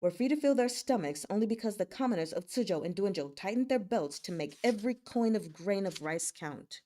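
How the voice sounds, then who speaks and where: A woman's voice: medium pitch, expressive, fairly quick, warm tone, lightly acted. A woman voicing a stern young male lord who speaks in cold, cutting, emphatic words in a read-aloud novel.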